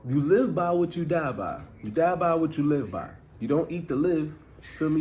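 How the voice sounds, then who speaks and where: A man's voice: a little high, lively intonation, moderate pace, highs cut off, a little hiss or hum. A man in his thirties giving a casual spiritual talk, loose and conversational, often checking in with the listener. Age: 30s. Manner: loose, conversational, keeps asking "you feel me". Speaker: spiritual vlogger.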